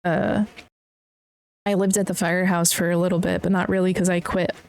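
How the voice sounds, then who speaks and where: A woman's voice: on the low side, level tone, a little fast, creaky, darkish tone. A young woman hosting a podcast, telling a personal story bluntly with lots of swearing and plain upset. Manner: blunt and heavily profane, upset while recounting. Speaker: podcast host.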